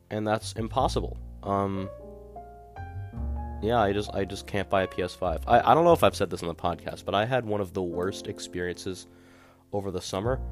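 Over clearly audible guitar music, a young man with a deep, low voice delivers a casual podcast monologue. As host, he rambles, sounds exasperated, and relies heavily on filler words.

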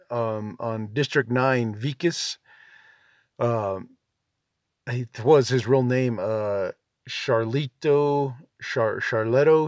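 A veteran in his forties hosts a podcast, rambling through a laid-back, self-deprecating monologue packed with "you know" and "um." His medium-pitched voice is captured in a dry, studio-quality recording.

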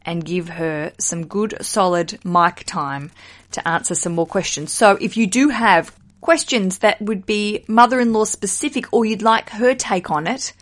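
A woman's voice: medium pitch, measured pace. A woman hosting her own podcast, chatting casually and joking at her own expense, in her thirties. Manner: chatty, jokey, self-mocking, swears casually. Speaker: podcast host. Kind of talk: casual solo podcast chat.

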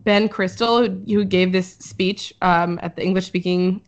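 A woman's voice: fairly low pitch, fairly even intonation, normal speed. A woman hosting a casual podcast chat, explaining what she read with frequent fillers. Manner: explanatory, reads from notes with fillers. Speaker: podcast host presenting research. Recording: dull lo-fi audio.

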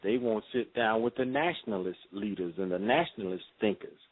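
A man giving a radio interview in a measured, preacherly way, with frequent fillers. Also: fairly low pitch, lively intonation. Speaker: interview guest. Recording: phone-line audio.

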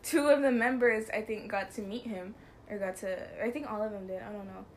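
A young woman co-hosts a podcast, chatting casually in a giggly, rambling way and apologizing often. Her voice is medium-pitched and a little fast, with slight background noise.

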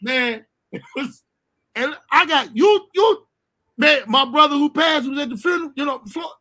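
A man's voice: extremely high pitch, normal speed. A man telling a profane, comic childhood story in casual chat, laughing and acting out other people's voices. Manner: animated, laughs often, acts out voices, swears freely.

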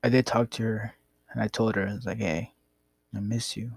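A man's voice: on the low side, steady tone, moderate pace, vocal fry, slightly rough, no echo. A young man casually telling a rambling, profane story about his past. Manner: rambling, profane, laid-back.

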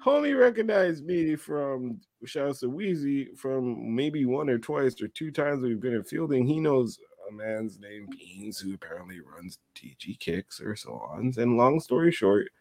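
A young man co-hosts a laid-back podcast and tells his stories with a lively, swinging pitch. He keeps acting out the people he met and laughs between lines. The sound is close and dry, with no room around him. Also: unhurried, gravelly, hardly any pauses, no echo. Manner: animated storyteller, acts out voices, laughs often. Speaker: podcast co-host. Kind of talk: casual chat, storytelling.

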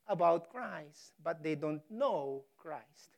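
A woman preaching a sermon, stressing key words hard and pausing for effect. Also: on the high side, expressive. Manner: emphatic, dramatic pauses on key words; slow, deliberate delivery. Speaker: pastor.

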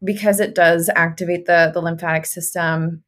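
A woman's voice: lowish voice, steady tone, normal speed, a bit bright. Curious woman podcast host. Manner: curious, asks questions. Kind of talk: casual interview.

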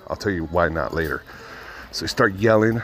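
A low-pitched man talks in a loose, rambling vlog monologue, swearing freely as he goes. He speaks into a phone pressed to his ear while walking through a big store, with a faint hiss under his voice. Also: expressive, normal speed, a bit bright. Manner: rambling, profane storytelling. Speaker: vlogger. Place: inside a large store. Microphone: phone held to his ear.

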